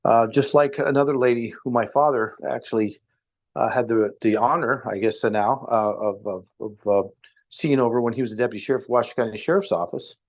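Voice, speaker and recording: A man's voice: medium pitch, brisk. An older man, a former police officer from Nevada, telling a long story in a rambling, hesitant way with many fillers. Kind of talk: casual storytelling on a live stream.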